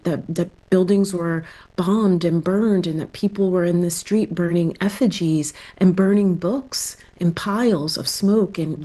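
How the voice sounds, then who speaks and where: A woman writer being interviewed, speaking thoughtfully with halting restarts. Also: mid-range voice, warm tone. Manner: thoughtful, halting, repeats words. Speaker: guest writer. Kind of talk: reflective interview talk.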